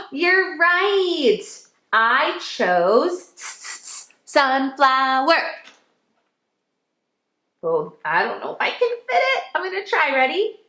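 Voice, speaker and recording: A woman's voice: sits high, big pitch swings, very slow, pauses often, bright, forceful tone, roomy sound. A woman teaching a phonics lesson to young children, cheerful and encouraging, stretching out sounds as she goes. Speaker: kindergarten teacher.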